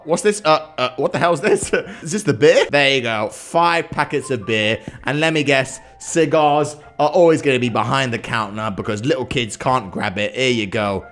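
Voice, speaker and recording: Lively crude gaming commentator man. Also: fairly high pitch. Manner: loud, crude, mock-rude running commentary. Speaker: gaming YouTuber. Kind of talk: let's play commentary.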